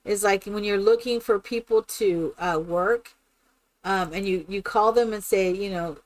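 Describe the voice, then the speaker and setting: A woman's voice: medium pitch, moderate pace. A woman chatting casually and rambling with many fillers while she builds in a game on a live stream.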